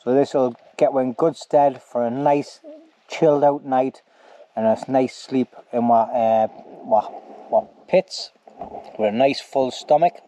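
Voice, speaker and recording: A man's voice: medium pitch, steady tone, measured pace, mellow. A man talking casually to camera at an outdoor camp, rambling and ending lines with "like", with a snotty nose. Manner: chatty, rambling, says "like" at ends. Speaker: bushcraft vlogger.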